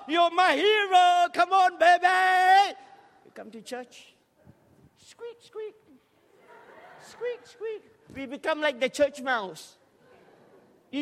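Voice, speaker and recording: A man preaching a lively, humorous sermon in a large church hall, joking with the congregation and urging them to respond. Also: very high-pitched. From Scotland. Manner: energetic, jokey, urges the crowd to respond. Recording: long hall reverb in a church.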